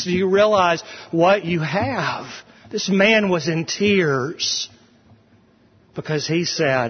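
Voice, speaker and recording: A man's voice: high-pitched, slow pace, breathy edge. A male pastor preaching an expository sermon in a church sanctuary, earnest and emphatic, repeating phrases for emphasis. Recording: dull recording with long hall reverb.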